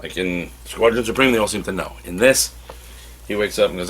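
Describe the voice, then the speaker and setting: A man reviewing comic books in a casual, animated way, now and then acting out characters' lines. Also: lowish voice, fairly quick, slight background noise.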